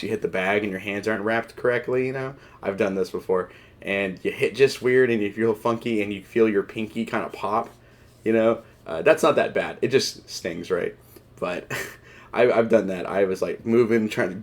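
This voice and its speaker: A man hosting a mixed martial arts show, talking in a rambling, casual way full of fillers and wry, self-mocking asides. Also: lowish voice. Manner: wry, joking, laughs at himself. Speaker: MMA show host. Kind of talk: casual commentary.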